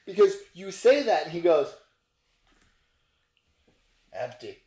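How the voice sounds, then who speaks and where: A game master narrating a tabletop game in a rambling, halting way, full of fillers and restarts. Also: medium pitch, lively intonation, a little mellow. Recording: roomy echo with faint noise.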